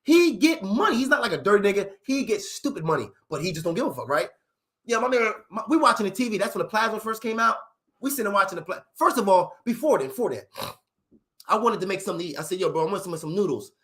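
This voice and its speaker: A young man tells comedic stories at a rapid clip, swearing freely and jumping between character voices. His voice sits high for a man and swings widely in pitch. The delivery is loud and animated. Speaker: comedic storyteller.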